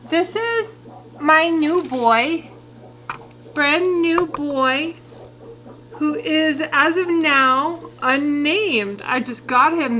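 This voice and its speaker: A woman's voice: high-pitched, sharp tone, low-quality recording. A woman chatting casually in a home vlog, out of breath and slipping into baby talk with her pets. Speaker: vlogger. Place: home, indoors.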